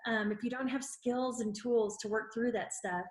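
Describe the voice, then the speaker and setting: Middle-aged woman counselor, interview guest, brisk and informative, echoey sound. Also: fairly high pitch, steady tone. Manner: brisk and informative, quoting figures. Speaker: marriage expert guest and counselor. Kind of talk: conversational interview. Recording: roomy echo.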